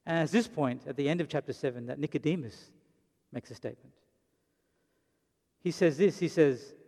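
Preaching a sermon, a pastor tells the story with dramatic flair and briefly performs the characters' voices. He speaks at normal speed with frequent pauses, in a mellow voice pitched a bit high for a man, echoing with a big hall's long reverb.

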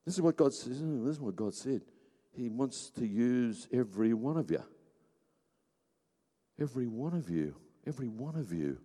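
A man preaching a sermon with passion, swinging between shouting and hushed emphasis. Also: medium pitch, sing-song, normal speed, long pauses. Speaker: pastor. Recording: long hall reverb.

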